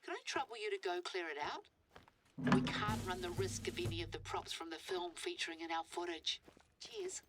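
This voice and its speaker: A brisk, courteous film crew manager. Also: female voice, fairly low pitch, very animated, very noisy. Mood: polite. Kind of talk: video game dialogue.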